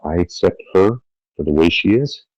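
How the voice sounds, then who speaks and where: A deep, mellow male voice tells stories with blunt candor, dropping curses and slipping into quoted voices. He sounds middle-aged. The recording is dry and close, with slightly dull, lo-fi highs. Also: normal speed, no echo. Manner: blunt, profane, animated storytelling with acted-out quotes. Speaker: podcast guest. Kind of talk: candid interview talk.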